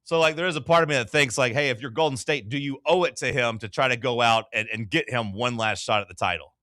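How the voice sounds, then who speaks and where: A man's voice: medium pitch, fast, pushed and bright, no room sound, clean studio sound. A man hosting a casual sports talk show, loose and chatty with lots of filler words.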